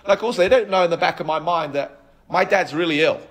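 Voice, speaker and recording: A man in his thirties, a podcast guest telling his life story in an animated way, with frequent restarts. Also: a little high, fast. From United Kingdom. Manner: animated, acts out quoted dialogue, frequent restarts. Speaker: podcast guest, app co-founder.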